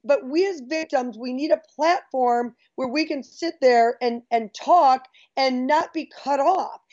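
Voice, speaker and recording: A woman's voice: high voice, a little slow, darkish tone, muffled recording. A woman speaking emphatically and with determination, calling for change on behalf of victims. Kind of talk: impassioned call to action.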